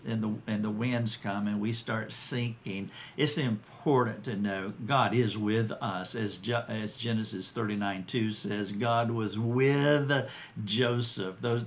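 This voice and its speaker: A man with a fairly low voice teaches from the Bible in a conversational way. He speaks earnestly, stops to restart his sentences, and lifts his voice when he quotes scripture. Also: fairly bright tone.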